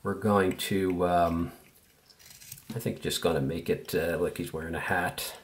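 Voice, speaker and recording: A man's voice: low-pitched, fairly even intonation, measured pace. A man giving an easygoing, step-by-step tutorial while he works, thinking aloud as he goes. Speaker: woodcarving instructor.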